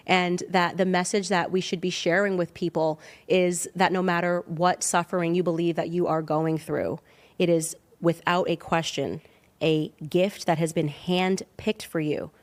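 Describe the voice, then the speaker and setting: Emphatic, lively woman, lower voice. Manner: emphatic, animated storytelling with sudden pitch jumps. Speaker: podcast guest. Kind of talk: casual chat.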